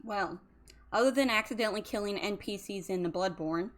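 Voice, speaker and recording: A woman's voice: mid-range voice, a little fast, faint music behind. A woman, a drowsy, yawning streamer who rambles casually about emotions with lots of fillers. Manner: rambling, chatty, many fillers. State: sleepy, yawning.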